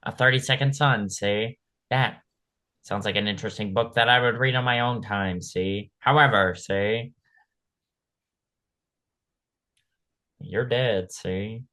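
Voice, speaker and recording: A man's voice: fairly low pitch, steady tone, unhurried, pushed and bright. A man putting on the voice of a sly, menacing candy cane gangster who talks like an old-time movie mobster and tacks "see?" onto his lines. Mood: smug.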